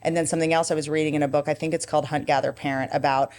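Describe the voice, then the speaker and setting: Low-voiced woman chatting frankly. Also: very fast. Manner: animated, rambling, frank, swears casually. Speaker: podcast guest. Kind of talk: casual conversational chat.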